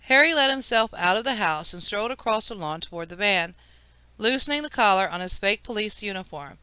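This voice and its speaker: A woman narrating a children's audiobook in a lively storytelling manner. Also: mid-range voice, fairly quick, smooth, no echo, poor audio.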